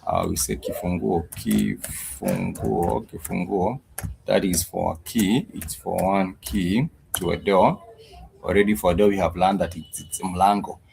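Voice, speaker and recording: A man's voice: sits low, expressive, normal speed, vocal fry, a little mellow, slight background noise, poor audio. A man teaching a language lesson on a live stream, patiently repeating each word several times.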